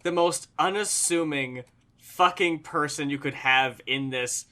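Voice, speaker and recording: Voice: medium pitch, measured pace, sharp tone. A co-host in a casual film review chat, enthusiastic and rambling, swearing casually. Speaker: co-host of a movie review show.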